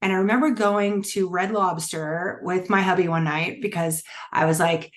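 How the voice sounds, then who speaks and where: A woman's voice: fairly low pitch, fairly even intonation, moderate pace. A middle-aged woman coaching a wellness challenge, talking candidly and casually with many fillers and restarts. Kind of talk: casual teaching talk.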